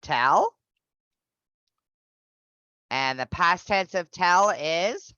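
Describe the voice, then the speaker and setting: A woman teaching an online pronunciation class in a slightly low voice, taking her time and repeating every example with patience. Her audio is dull and lo-fi, and the recording is dry and close. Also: expressive, very slow, bright, forceful tone, clean tone, no echo.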